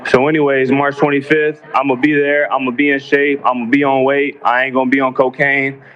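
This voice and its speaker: A boxer speaking calmly and pointedly at a press conference, making cutting remarks about his opponent. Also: medium pitch. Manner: calm, measured, cutting. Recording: dull lo-fi broadcast audio.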